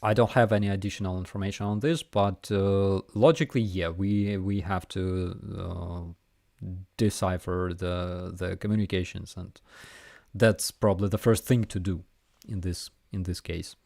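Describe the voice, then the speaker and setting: A man with a Ukrainian accent hosting a casual live Q&A and reading chat messages aloud, with a relaxed, hesitant manner and many fillers. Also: low voice, normal speed, vocal fry, no echo, clean studio sound. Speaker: livestream host answering chat.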